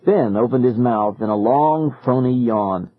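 A man narrating a first-person children's story in a lively, expressive reading. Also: medium pitch, unhurried, husky, no room sound. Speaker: audiobook reader. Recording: phone-like narrow band, dry, faint music.

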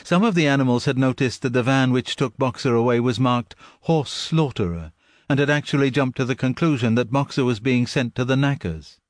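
A man narrates a story in a measured, even voice of middling pitch. The recording is dry and close, with no room sound. His delivery is steady and unhurried. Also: dry recording. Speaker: audiobook narrator. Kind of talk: scripted narration.

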